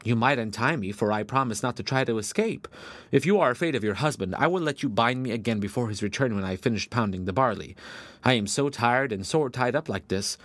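A man voicing a sly, deceitful male badger in a storybook tale, pleading gently and later jeering. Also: medium pitch, animated, brisk, no room sound. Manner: pleading, then mocking.

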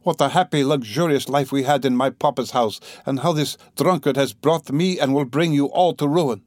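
A man's voice: medium pitch, normal speed, dry recording, lightly acted. A man voicing a proud, distraught consumptive mother who talks fretfully and breathlessly. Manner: breathless, fretful and rambling, broken by coughs.

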